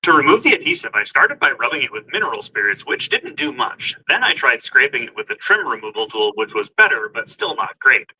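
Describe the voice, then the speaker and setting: A man's voice: medium pitch, sing-song, brisk, few pauses, bright, forceful tone, slightly rough, rough recording. A man walking viewers through a do-it-yourself car job in casual, step-by-step how-to narration. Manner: step-by-step explaining, plain and upbeat. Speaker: DIY car vlogger.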